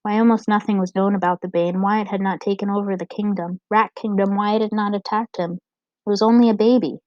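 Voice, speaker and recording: A woman narrating an audiobook chapter in a steady, expressive reading. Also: mid-range voice, a little fast, no echo. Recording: dull, dry lo-fi recording.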